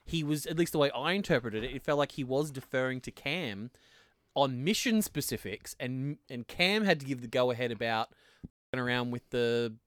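A man's voice: mid-range voice, normal speed, fairly bright tone, dry recording. A man co-hosting a podcast in casual chat, thinking aloud and rambling with lots of fillers. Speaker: podcast co-host.

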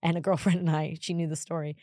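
Lively storytelling woman, low voice. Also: fast talker, no room sound, studio quality. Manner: animated, rising to exasperated emphasis. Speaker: podcast co-host. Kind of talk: casual chat, storytelling.

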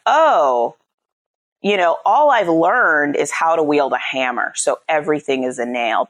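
A woman psychologist and parenting coach explaining her ideas in a conversational interview, often checking in with "right?". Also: low voice.

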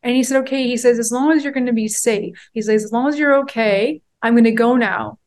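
A woman's voice: fairly high pitch, steady tone, brisk, darkish tone, slight background noise. A woman in her forties, a podcast guest, telling a personal story in a heartfelt, rambling way with many fillers. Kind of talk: candid interview storytelling.

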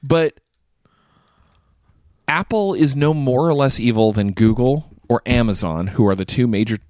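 A man rants with plenty of swearing on a casual podcast, plainly exasperated. His voice is mid-pitched. The mic sound is close and dry, with no room around it. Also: measured pace, darkish tone, no echo. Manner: ranting, profane, exasperated. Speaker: podcast host.

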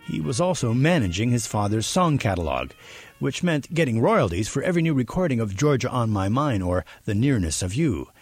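A man reading scripted documentary narration as the reporter, in a measured storytelling way. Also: medium pitch.

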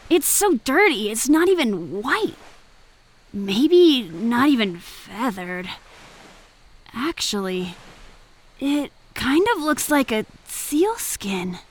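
A sulky young swan maiden from a fantasy audio drama, played by a woman, sighing and brooding. The voice sits high and swings widely, but the delivery is slow and heavy. Soft music plays underneath. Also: heavily acted. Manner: sulky, sighing, prone to frustrated outbursts. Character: gloomy young swan maiden who resents their fate.

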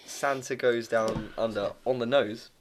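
A man's voice: mid-range voice, fairly even intonation, unhurried, a little hiss or hum. A young man from England co-hosting a podcast, chatting casually, telling stories and joking. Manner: chatty, jokey storytelling, laughs often. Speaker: podcast co-host. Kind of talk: casual chat.

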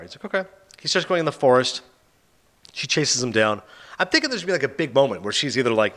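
A man talks through films in a casual podcast chat, sarcastic and animated as he retells plots. His speech is quick and his pitch swings widely. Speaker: podcast host reviewing films.

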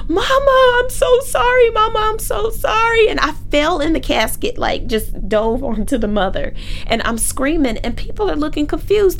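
A woman from Oakland telling a personal story in a vivid, animated way. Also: on the high side, gravelly, slight background noise. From Oakland, California.

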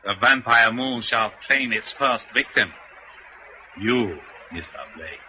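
An actor playing a cold, scheming male criminal mastermind in a vintage radio drama, speaking in a formal, measured, menacing way. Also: mid-range voice, lively intonation, very noisy.

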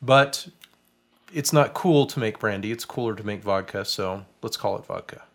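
A man hosting a podcast as a spirits writer, explaining drinks in a relaxed, chatty way with plenty of fillers. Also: fairly low pitch, moderate pace. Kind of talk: casual tasting chat.

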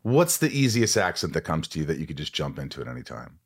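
A man's voice: very deep voice, very animated, fast talker, husky. A man hosting a podcast, asking playful, teasing questions in casual chat. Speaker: podcast host.

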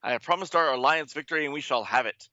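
A man's voice: a little high, fast talker, bright, forceful tone, no echo, lo-fi sound, pitched above the performer's own voice. A man voicing an arrogant male villain leader with a commanding, grandiose manner.

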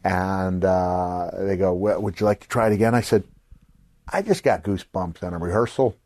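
An older man tells stories on a podcast in a low, close-miked voice with no room sound around it. He acts out the people he quotes and lets his voice jump up to a shout at the punchlines. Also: moderate pace, no echo. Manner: animated storyteller acting out quoted voices, voice jumps to a shout on punchlines. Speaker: podcast host. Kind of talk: casual storytelling.

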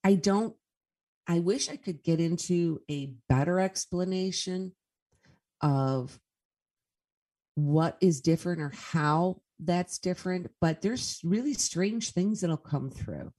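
A woman's voice: on the low side, takes it slowly, warm tone. A woman speaking as a guest medium in a casual interview, telling stories in an earnest way.

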